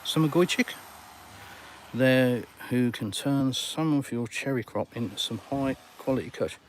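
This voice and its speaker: A man's voice: medium pitch, measured pace, slight background noise. A middle-aged English man hosting a casual live Q&A from a sunny balcony, blunt and full of jokey banter. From England. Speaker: livestream host.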